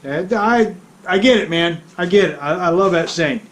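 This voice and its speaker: A man's voice: high-pitched, normal speed. A man from the United States hosting a motorcycle vlog from his home garage, chatting casually in a joking, rambling, self-deprecating way. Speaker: motorcycle vlogger host. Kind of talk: casual chat to camera.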